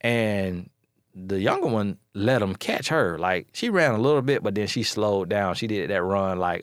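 A man talks bluntly about relationships in a casual, animated way, telling stories and repeating key phrases for emphasis. His voice sits low. The sound is dry and close. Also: unhurried, clear, resonant tone, no room sound. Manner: blunt, animated storytelling with voice imitations. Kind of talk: casual advice talk.

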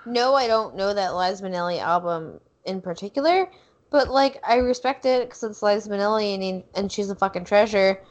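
A woman co-hosting a podcast in casual chat, playful and foul-mouthed with quick quips. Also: mid-range voice, animated, dull audio. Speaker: podcast co-host.

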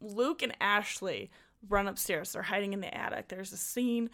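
A woman's voice: medium pitch, moderate pace, fairly bright tone. A young woman co-hosting a podcast, casually retelling a movie plot with lots of "like" and laughter. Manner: chatty retelling, many "like"s, laughs while talking. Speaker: podcast co-host. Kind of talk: casual movie recap chat.

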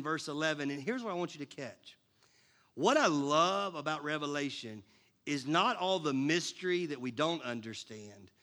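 A man preaching a sermon as a pastor, with a jokey, conversational delivery that turns animated. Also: on the high side.

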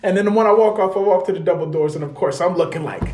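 A man co-hosting a casual talk show, telling a story in an animated way and jumping into voices for the people he quotes. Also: high-pitched, fast talker, slight background noise. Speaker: podcast co-host. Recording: roomy echo.

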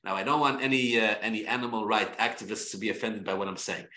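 A man, a rabbi, teaching a Torah class in an animated way, repeating himself and restarting phrases. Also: on the low side, fast, reverberant. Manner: animated, repetitive, many restarts.

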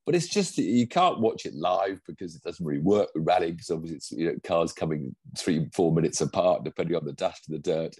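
A man's voice: deep voice, animated, a little fast, hardly any pauses, darkish tone, slightly rough, no echo. An older man chatting on a podcast, enthusiastic and rambling, often restarting his sentences. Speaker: podcast co-host and pundit. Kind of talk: casual chat.

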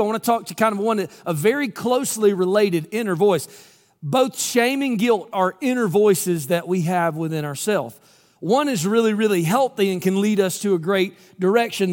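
A man from Georgia, preaching a sermon in a storytelling way and acting out the quoted lines. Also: high-pitched. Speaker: pastor. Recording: long hall reverb.

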